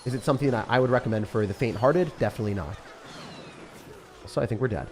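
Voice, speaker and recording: A man's voice: medium pitch, quick pace, a little hiss or hum. A young man chatting casually on a livestream, commenting on his game and answering questions from chat in a self-deprecating way. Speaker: streamer.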